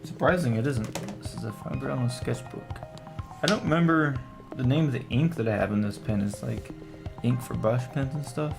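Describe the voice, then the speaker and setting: A man's voice: mid-range voice, a little fast, vocal fry. A man streaming from his home setup, chatting casually and joking as he draws. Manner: rambling, jokey, self-talk. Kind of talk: casual chat while drawing. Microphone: microphone through audio interface. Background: music.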